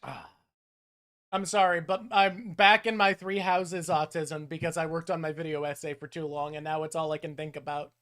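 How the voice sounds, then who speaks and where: A man's voice: on the high side, fairly even intonation, normal speed, fairly bright tone, clear, resonant tone. A man hosting a casual chat with his mother, rambling and self-deprecating. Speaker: host.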